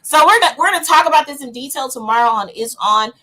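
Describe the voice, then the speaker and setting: Podcast co-host, woman, Memphis Southern accent, slightly high and bright, upbeat. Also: expressive, fast talker. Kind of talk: casual chat.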